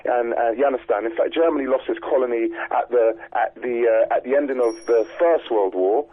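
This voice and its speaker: A man's voice: mid-range voice, fairly quick. A male guest on a radio show, speaking earnestly and with many hesitations. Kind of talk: radio interview. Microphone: telephone. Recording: tinny phone line.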